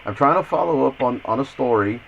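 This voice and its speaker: A man's voice: medium pitch, expressive, a little fast, vocal fry, fairly bright tone, a little hiss or hum. Insistent man on a muffled phone call. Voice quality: stammering, repeats words. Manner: insistent, persistent. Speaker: investigative journalist.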